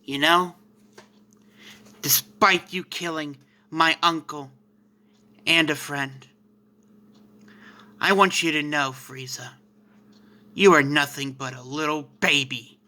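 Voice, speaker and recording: A man voicing a calm, defiant young male hero who taunts coldly and slowly. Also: fairly high pitch, full character voice. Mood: cold taunting.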